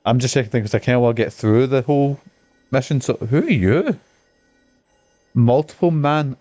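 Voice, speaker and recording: Rambling Scottish streamer, dry sound. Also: male voice, medium pitch, animated, normal speed, long pauses, warm tone, no echo, lo-fi sound. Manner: rambling, swearing, self-mocking. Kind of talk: casual gameplay commentary.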